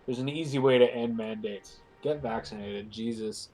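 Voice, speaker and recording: A man's voice: medium pitch, moderate pace, a little mellow. A man with a stuffed-up nose chatting casually as a guest on a game stream, rambling and joking with lots of fillers. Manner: rambling, filler-heavy, jokey.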